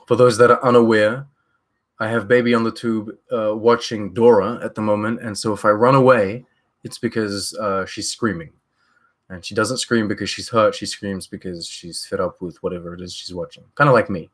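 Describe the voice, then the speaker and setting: A man's voice: lowish voice, fairly bright tone. A man from New Zealand chatting casually and with strong opinions on his live stream, rambling with many fillers and restarts.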